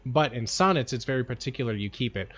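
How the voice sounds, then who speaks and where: A man's voice: medium pitch, quick pace, breathy edge. A man chatting casually on a livestream, rambling and slangy and full of "like" and "bro.". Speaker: livestream streamer. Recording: dull lo-fi sound with faint music.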